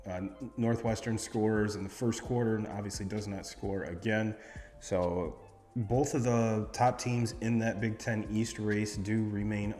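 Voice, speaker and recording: A man's voice: on the low side, darkish tone. Man recapping game stats, echoey room. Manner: rambling, reads off stats with many fillers. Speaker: sports podcast host. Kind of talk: casual sports recap.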